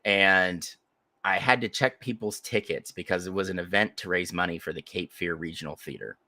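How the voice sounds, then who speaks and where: A man with a very low voice and a bright, forceful edge tells a rambling, profane story on a podcast. He talks animatedly into a close mic. The sound is dry. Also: moderate pace, no room sound. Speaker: podcast co-host. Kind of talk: casual storytelling chat.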